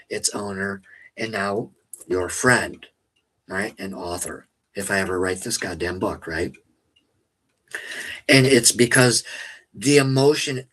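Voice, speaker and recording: Blunt, profane man with a husky, bright voice. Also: lowish voice, poor audio. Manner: blunt, profane and defiant, with emphatic slow stresses. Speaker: paranormal investigator and channel owner. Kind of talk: candid personal monologue to stream viewers.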